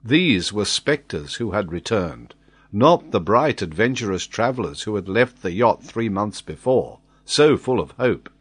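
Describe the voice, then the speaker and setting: A man narrating a classic adventure novel in a measured, expressive reading. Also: lowish voice, breathy edge. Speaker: audiobook narrator.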